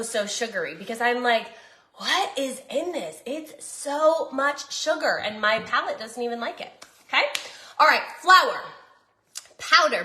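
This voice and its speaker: A woman's voice: fairly high pitch, pushed and bright, echoey room. A woman with a Southern accent chatting casually as she cooks in her home kitchen, talking to her viewers. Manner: chatty, bubbly, talks while cooking. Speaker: cooking vlogger. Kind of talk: casual cooking chat.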